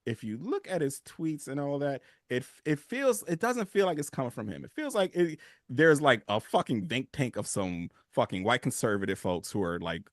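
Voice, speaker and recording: A man co-hosting a podcast in casual sports chat, profane and animated, calling people "bro". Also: mid-range voice, normal speed, no echo, clean studio sound. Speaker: podcast co-host.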